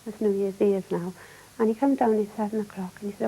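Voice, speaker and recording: A middle-aged Welsh woman recounting her experience of abuse, speaking in a halting, low-key way with frequent restarts. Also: steady tone, creaky, warm tone, husky, rough recording. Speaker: domestic abuse survivor. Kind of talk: personal testimony.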